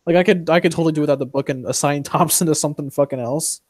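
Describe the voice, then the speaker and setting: A young man hosts a loose, casual stream, his voice sitting a little high. He rambles, swears freely and leans on fillers. The sound is dry, with no room echo around it. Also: rapid-fire. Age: young adult. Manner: profane, rambling, full of fillers. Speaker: stream host. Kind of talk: casual chat.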